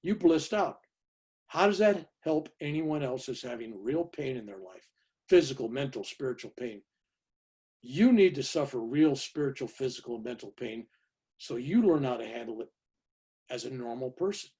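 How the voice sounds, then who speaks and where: A man voicing a stern, insistent male spiritual guru in his own husky voice. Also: medium pitch, expressive, normal speed, mellow.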